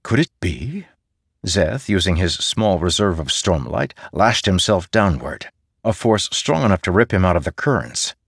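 A man narrating a fantasy audiobook in a measured, steady storytelling manner. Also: deep voice, slightly rough, no echo, studio quality.

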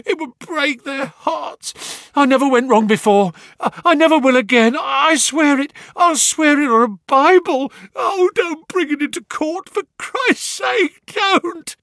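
Shrieking, terrified young thief begging for mercy, voice pushed very high and loud, read by a man; storybook reading. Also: measured pace, no room sound, exaggerated voice. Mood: desperate pleading. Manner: shrieking, pleading. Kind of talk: audiobook character reading.

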